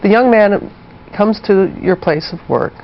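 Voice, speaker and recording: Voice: medium pitch, a little slow. A morning show host asking sympathetic, prompting questions in a broadcast interview. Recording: dull broadcast audio with faint noise.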